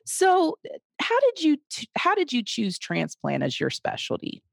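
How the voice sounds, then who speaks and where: A woman's voice: high voice, huge pitch swings, a little slow, gravelly, dry recording, clean studio sound. A woman hosting an interview show, asking questions with friendly, affirming interjections. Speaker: show host.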